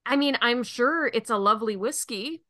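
A woman's voice: a little high, normal speed, pushed and bright, no room sound, studio quality. A woman co-hosting a casual podcast, ranting and swearing freely and laughing often. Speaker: podcast co-host.

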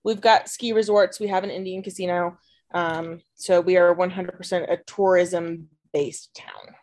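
A woman's voice: lowish voice, fairly even intonation, a little slow, darkish tone. A woman in casual chat, self-deprecating and laughing, often trailing off. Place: lives in a mountain ski town.

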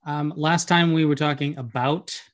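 A man's voice: a little high, steady tone, moderate pace. A man co-hosting a casual podcast, making wry, sarcastic asides that often trail off into a mumble. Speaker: co-host.

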